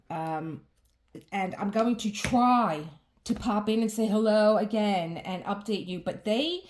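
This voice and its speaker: A woman's voice: fairly low pitch, a little mellow. A middle-aged woman chatting casually while she crafts at home, rambling and restarting her sentences, with frequent fillers and laughter. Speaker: diamond painting vlogger.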